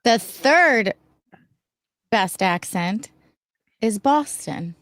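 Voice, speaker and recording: A woman hosting a casual group stream, briskly reading out ranked lists. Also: a little high, lively intonation, a bit bright, no room sound. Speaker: stream host.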